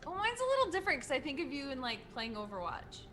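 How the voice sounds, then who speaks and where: A woman's voice: high voice, sing-song, fast, a crowd in the background. A woman from the West Coast of the US, a player chatting playfully and animatedly. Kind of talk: casual chat.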